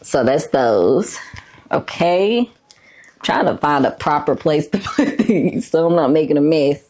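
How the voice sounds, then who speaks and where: A woman's voice: deep voice, animated, unhurried, darkish tone. A woman vlogger chatting casually about her book collection, laid-back and chatty, with lots of fillers and a "y'all" here and there. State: a bit out of breath. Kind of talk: casual show-and-tell chat.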